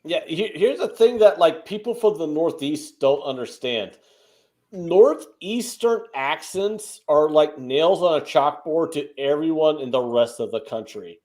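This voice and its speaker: A man's voice: fairly high pitch, lively intonation, a little slow, darkish tone. A man from the American Midwest co-hosting a casual betting podcast, ranting emphatically and swearing often. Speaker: co-host.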